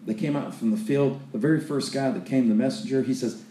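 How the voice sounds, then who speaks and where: A man's voice: mid-range voice, a little fast, dark tone, echoey room. A man preaching a sermon, retelling Bible stories in a loose, conversational way full of restarts and acted-out quotes.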